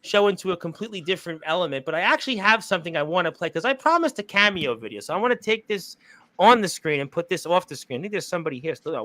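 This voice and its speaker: High bright-voiced male podcast host. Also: no echo. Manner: excitable, laughs often. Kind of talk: casual podcast chat.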